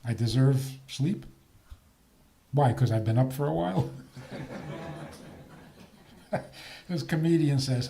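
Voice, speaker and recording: Older male rabbi, unhurried and mellow, wry questions to the crowd. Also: medium pitch, creaky. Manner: animated, joking, rhetorical questions. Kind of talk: talk on faith.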